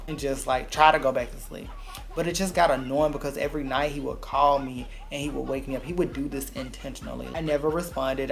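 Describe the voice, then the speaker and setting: A man tells a personal story straight to camera. His voice is gravelly with fry, at a middle pitch, and his delivery is blunt, profane and dramatic. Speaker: vlogger. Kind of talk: casual storytime vlog.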